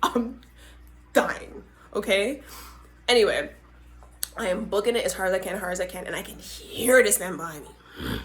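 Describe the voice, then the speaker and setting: A young woman hosts her own podcast and tells a story in a lively, dramatic way. She talks in a mid-range voice and keeps turning to her listeners with quick asides. Her delivery is casual and full of energy. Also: mid-range voice. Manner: animated, dramatic retelling with frequent asides to listeners. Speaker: podcast host.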